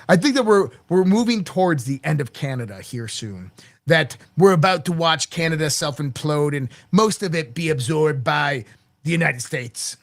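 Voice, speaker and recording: A man's voice: on the high side, animated, normal speed. A man hosting a casual political commentary show, talking bluntly with crass language and stumbling restarts. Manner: blunt and crass, often curses and repeats words when restarting. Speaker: host of a daily commentary show.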